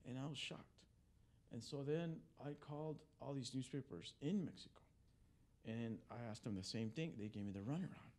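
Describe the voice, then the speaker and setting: In a press club briefing room, a male immigration attorney speaks to reporters with a medium-pitched, slightly mellow voice at a moderate pace. His delivery is conversational and anecdotal, full of fillers and restarts.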